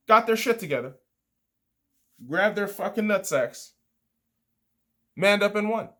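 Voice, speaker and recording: A man hosting a casual basketball game review, swearing freely and rattling off player stats in an excitable way. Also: high-pitched.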